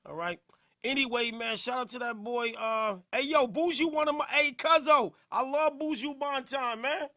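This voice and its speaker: Bright-voiced, loud, playful podcast host. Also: male voice, very high-pitched, normal speed. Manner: loud, animated, playful, slangy. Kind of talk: casual livestream chat with shout-outs.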